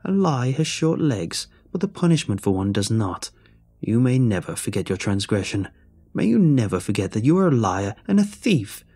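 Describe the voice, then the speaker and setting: Creaking ancient crone for a spoken ghost story, sly then cruel, played by a man in a husky, low register. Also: big pitch swings, moderate pace, darkish tone, exaggerated voice. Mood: cursing. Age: over 60. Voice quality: creaking, rasping. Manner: sly and mocking, turning to cursing.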